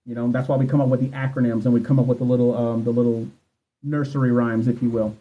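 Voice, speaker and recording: Speaking quickly in a level, medium-pitched voice, a nursing exam coach in his thirties livestreams from his phone, so the sound is phone quality. He's frank and foul-mouthed, talking directly to viewers and answering what they ask.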